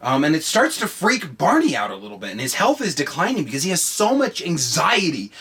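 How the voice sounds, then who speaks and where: A man hosting a podcast, telling a story comedically with heavy swearing, jumping between hushed lines and shouting. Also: a little high, brisk, breathy edge. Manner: profane, excitable, swings between hushed and shouting. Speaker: podcast host.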